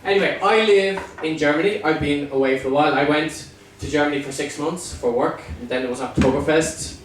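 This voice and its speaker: A Dublin Irish comedian in his forties works the room with a teasing, chatty delivery. His voice sits fairly high, captured from a distance in a very echoey club. The crowd can be heard around him. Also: fairly quick. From Ireland. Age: 40s. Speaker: stand-up comedian. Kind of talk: stand-up comedy with crowd work. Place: comedy club with a live audience. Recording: echoey room, far from the mic, crowd noise.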